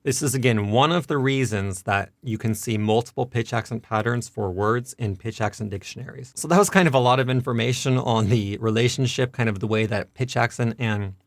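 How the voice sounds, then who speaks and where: A man's voice: medium pitch, no room sound, studio quality. Man giving a patient pronunciation lesson. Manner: patient, repeats words slowly to demonstrate. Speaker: language teacher. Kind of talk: explanatory lesson.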